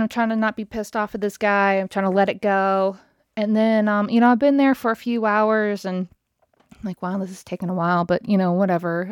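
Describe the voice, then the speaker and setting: A woman in the middle of a fired-up rant, cursing freely and sounding thoroughly exasperated. Her voice sits at an ordinary middle pitch and is recorded dry and close, with no room sound around it. She talks like someone venting about her day to a camera. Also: no room sound. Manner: heated, profane, exasperated. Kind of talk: casual angry storytime rant.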